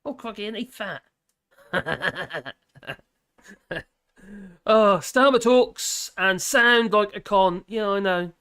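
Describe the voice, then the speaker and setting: A man's voice: high voice, lively intonation, takes it slowly, long pauses, bright, forceful tone, smooth. A man hosting a live stream in casual chat, rambling, laughing often and trailing off mid-sentence.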